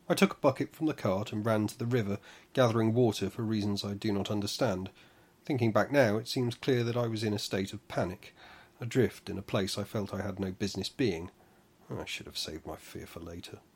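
A man narrating a first-person fantasy audiobook in a measured way, slowing down for dramatic moments. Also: lowish voice, slightly rough.

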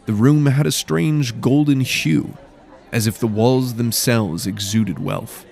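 A man reading a fantasy story aloud in a measured, steady, descriptive narration. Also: lowish voice, vocal fry.

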